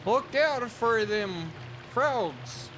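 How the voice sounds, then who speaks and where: A man commentates his gameplay casually, full of wisecracks and the odd curse. His voice sits high and swings up and down freely. Game music runs under his talk. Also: animated, very slow, fairly bright tone. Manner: joking, sarcastic asides, swearing. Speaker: streamer.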